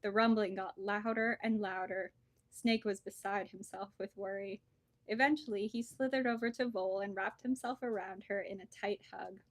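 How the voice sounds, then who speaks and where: A woman's voice: mid-range voice, moderate pace, dry recording. Woman reading a children's book, dry sound. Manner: lively, expressive storytelling. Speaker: bookseller.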